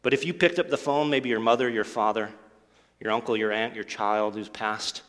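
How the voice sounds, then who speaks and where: A man's voice: on the low side, fairly even intonation, normal speed, a bit bright. A man preaching a sermon, telling the story earnestly and acting out the quoted lines. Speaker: pastor. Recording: long hall reverb.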